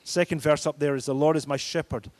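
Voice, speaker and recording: A man's voice: on the high side, steady tone, quick pace. A man preaching a sermon, emphatic and declaring, his force rising and falling. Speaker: pastor.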